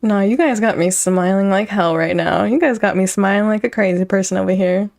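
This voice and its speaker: A woman's voice: mid-range voice, brisk, creaky, a little mellow. A young woman streaming, chatting casually with her viewers, rambling and breaking into giggles often. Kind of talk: casual chat with live chat.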